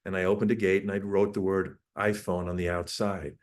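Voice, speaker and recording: A man's voice: sits low, brisk. A middle-aged man giving a parenting talk to an audience, telling stories about his family and acting out the conversations with sudden bursts of emphasis. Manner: lively storyteller who acts out family dialogue with bursts of emphasis. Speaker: parenting speaker.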